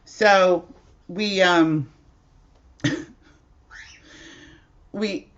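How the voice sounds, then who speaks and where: Slow, chatty woman livestreamer. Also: on the low side, steady tone, highs cut off. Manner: chatty, rambling, laughs often. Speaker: livestream host. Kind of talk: casual livestream storytelling.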